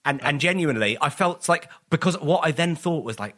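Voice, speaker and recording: Bright-voiced man telling rambling anecdotes. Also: fairly high pitch, expressive, brisk. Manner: rambling anecdotes with many restarts and acted quotes. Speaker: comedian guest. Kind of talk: casual podcast chat.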